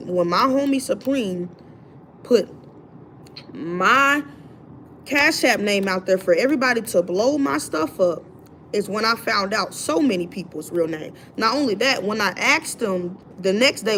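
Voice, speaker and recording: A woman's voice: mid-range voice, fairly bright tone, a little hiss or hum. A woman hosting her own livestream, telling a story with emphasis, lots of repetition and slang. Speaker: livestream host. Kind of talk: casual livestream rant.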